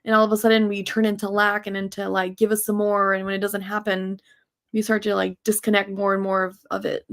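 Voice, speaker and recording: A woman hosting a talk show, telling a personal story in a candid, animated way, full of fillers. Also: mid-range voice, a little fast. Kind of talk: casual personal conversation.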